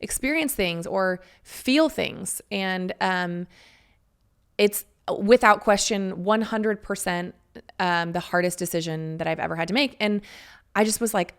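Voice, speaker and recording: Frank, gravelly-voiced woman podcaster. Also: mid-range voice, measured pace. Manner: chatty, frank, swears freely, laughs between phrases. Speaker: podcast host. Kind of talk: candid personal storytelling.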